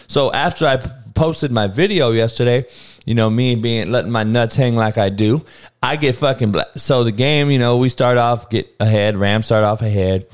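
A man hosting a podcast, ranting about sports in a blunt, combative, heavily profane way and repeating his points for emphasis. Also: medium pitch. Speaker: podcast host. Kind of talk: sports commentary rant.

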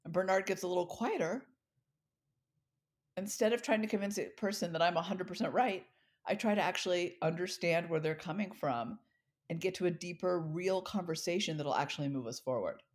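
A middle-aged woman telling a personal story in a talk, expressive and acting out the dialogue she recalls. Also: on the low side, brisk. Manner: expressive, acts out quoted dialogue. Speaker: speaker.

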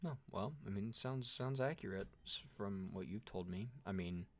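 Low-pitched man rambling casually. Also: moderate pace. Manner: rambling, hedging, self-interrupting. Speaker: podcast co-host. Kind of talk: casual chat.

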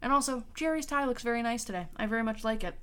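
A woman's voice: fairly high pitch, quick pace. A woman co-hosting a podcast who recaps plot events in wry storytelling and quotes the characters as she goes. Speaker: podcast co-host. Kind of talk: casual chat recapping a TV episode.

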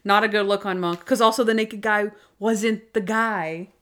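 A woman's voice: mid-range voice, steady tone, moderate pace, a bit bright. A young woman co-hosting a casual podcast, chatty and full of "like" fillers. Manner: chatty, frequent "like" fillers, laughs at own jokes. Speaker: podcast co-host. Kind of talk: casual chat.

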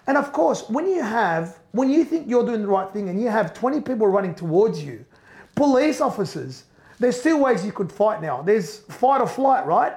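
A middle-aged man telling an emotional first-person story, animated, repeating and restarting as he goes. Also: high-pitched, normal speed, vocal fry. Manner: animated, repeats and restarts, acts out quoted voices. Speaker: business owner telling his story.

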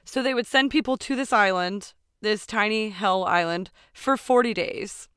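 Smooth-voiced woman co-hosting, playful. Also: mid-range voice, normal speed, fairly bright tone, dry recording, studio quality. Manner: playful, laughing, sarcastic asides. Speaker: podcast co-host. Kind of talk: casual history chat.

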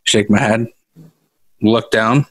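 A man's voice: on the low side, steady tone, takes it slowly, a bit bright, no echo. A middle-aged man co-hosting a podcast, telling a story casually and laughing often. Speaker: podcast co-host. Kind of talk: casual chat.

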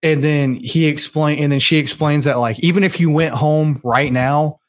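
A man with a slightly higher voice than most men talks loosely and casually, recapping a show's plot. He trails off, restarts, and keeps it informal. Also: fairly even intonation, normal speed, a little hiss or hum. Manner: laid-back, loose retelling with acted quotes. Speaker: podcast co-host. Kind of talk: casual chat recapping a show.

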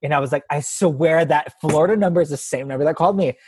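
A man with a husky voice, a guest telling an animated story in casual chat and acting out the quotes. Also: on the high side, quick pace, dry recording.

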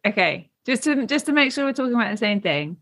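A woman's voice: a little high, big pitch swings, fast, a bit bright. A woman from the UK with a British accent, co-hosting a podcast in a chatty, teasing casual conversation. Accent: British English. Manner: chatty, teasing, laughs often, says "like" and "um" a lot. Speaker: podcast co-host. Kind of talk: casual chat.

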